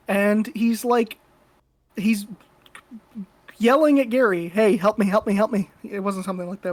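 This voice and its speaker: A woman recounts a story on a podcast in a loose, conversational way. She is blunt and swears freely, with a voice sitting in a middle pitch. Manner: profane, blunt and animated. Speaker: podcast co-host. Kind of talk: casual storytelling.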